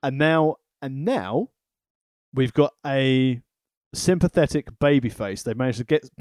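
A man's voice: medium pitch, animated, measured pace, a little mellow, no room sound, clean studio sound. A man hosting a podcast, giving a sweary, analytical recap in casual chat. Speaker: podcast host.

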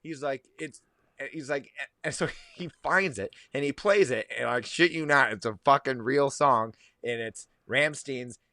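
A man in casual podcast chat, telling profane anecdotes in a lively way and laughing in bursts. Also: mid-range voice, measured pace, no echo.

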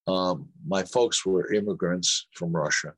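A man's voice: deep voice, a little slow, a bit bright, breathy edge, no echo. Een oudere man met een heel lage, hese stem vertelt anekdotes als gast in een interview. Hij valt zichzelf vaak in de rede en citeert anderen. Het geluid is droog en dichtbij. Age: older. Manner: rambling, with restarts and quoted dialogue. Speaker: actor guest. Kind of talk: anecdotal interview storytelling.

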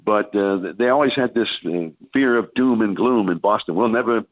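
A man's voice: lowish voice, moderate pace, no room sound, phone-quality sound. An older man, a veteran baseball broadcaster, telling long rambling stories on a sports talk radio show. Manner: rambling anecdotal storytelling with many restarts and fillers.

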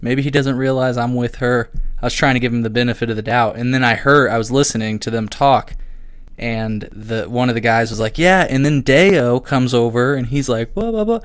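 A man hosting a podcast in casual chat, telling a story with animated swearing and acted-out quotes. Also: mid-range voice, moderate pace, clear, resonant tone, no room sound, studio quality. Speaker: podcast host.

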